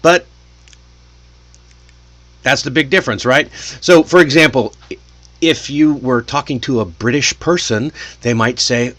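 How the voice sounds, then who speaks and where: An American man teaches English idioms casually and keeps turning to the listener with little questions. His voice sits at an ordinary middle pitch. The sound is dry and close, with no room echo. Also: a little slow, pauses often, fairly bright tone. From United States. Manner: chatty, asks the listener questions.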